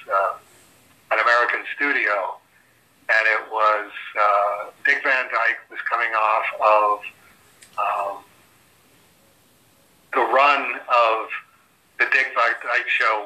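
Canadian man from comics, a regular guest; unhurried, hesitant, sharp-toned. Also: medium pitch, rough recording. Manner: halting, lots of "uh" and restarts. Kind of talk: casual podcast chat.

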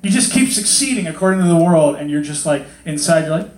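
Male pastor, slightly high voice, loose chatty sermon, plays out quotes in voices, echoey hall. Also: expressive, a little fast, darkish tone. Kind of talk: casual sermon. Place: hot hall with a congregation.

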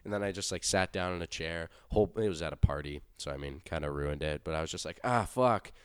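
A young man with a very low, smooth and resonant voice tells crude, rambling stories in casual chat. He swears freely and bursts into loud acted-out quotes. The sound is dry and close, with no room behind it. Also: fast talker, no echo. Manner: profane, rambling storytelling with animated acted-out quotes.

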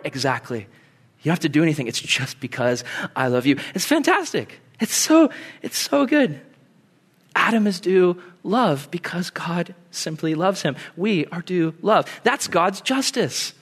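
A young man preaching a sermon in an animated way, acting out quoted voices and laughing easily. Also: high voice, a little slow, husky. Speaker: pastor.

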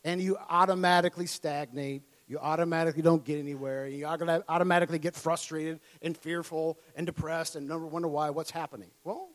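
Brisk and barely pausing, a Minnesota preacher with a fairly high voice preaches through a story from his own life, acting out his younger self excitedly and laughing frequently.

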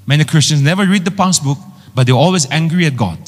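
A man preaches with an animated, rising voice that swings widely in pitch. His emphatic call-and-response delivery rings through a large church hall with a long reverb tail, and soft music plays faintly underneath. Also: fairly quick. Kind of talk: sermon.

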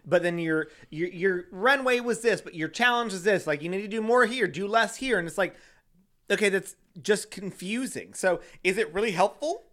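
A fairly high-voiced man co-hosting a podcast, chatting casually and loosely. He giggles often and slips into little acted-out quotes. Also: normal speed, fairly bright tone. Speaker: podcast co-host. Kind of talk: casual chat.

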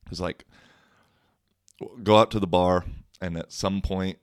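A man's voice: low-pitched, fairly even intonation, a little slow, clean tone, no echo, studio quality. A young man hosting a podcast, telling a story casually, with rambling fillers, restarts and a wry tone. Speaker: podcast host.

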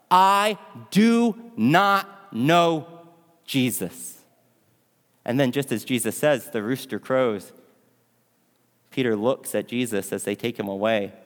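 A male pastor telling a story in a sermon, asking his audience questions along the way. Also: lowish voice. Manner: dramatic, asks the audience questions. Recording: long hall reverb.

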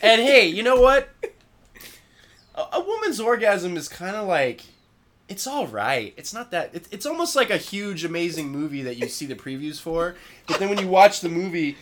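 A young man talks casually, rambling from one thought to the next with plenty of profanity. His voice sits slightly high for a man, and he laughs through much of what he says. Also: sing-song, moderate pace. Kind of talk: casual chat.

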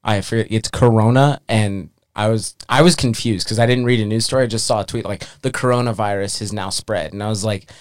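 A man's voice: fairly low pitch, fairly quick, hardly any pauses, clear, resonant tone, no echo, studio quality. A young man who is a sports reporter, joining a casual podcast as a guest and joking with laughs mixed into his speech. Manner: jokey, laughs through his lines.

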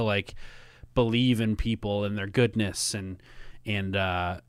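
Minnesota man co-hosting, lowish voice, earnest and hesitant, lots of fillers, dry close mic. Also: steady tone, clear, resonant tone, no room sound. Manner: earnest, halting, filler-heavy. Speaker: podcast co-host. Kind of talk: casual chat.

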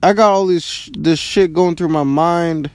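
A man's voice: on the high side, normal speed, darkish tone, dry recording. A man in his early twenties rambling casually, swearing often and filling his questions with "like". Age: 20s.

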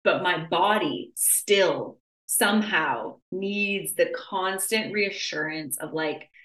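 A young adult woman hosting a podcast in casual chat, animated and constantly saying "like" as she acts out her own inner voice. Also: on the low side, slow pace, echoey room, low-quality recording. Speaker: podcast host.

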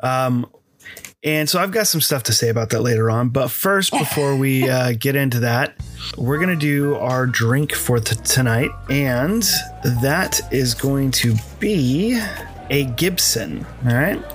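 A man's voice: mid-range voice, a little slow. An American man co-hosting a laid-back podcast. He wanders through his thoughts with fillers and false starts, while faint music plays under the talk. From United States. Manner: rambling, hesitant, many fillers and restarts. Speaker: podcast co-host. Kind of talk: casual chat.

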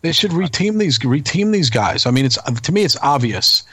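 A man's voice: fairly high pitch, sing-song, normal speed, fairly bright tone, slightly rough, no room sound. A man co-hosting a casual wrestling podcast, rambling and asking his partner many questions. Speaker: co-host.

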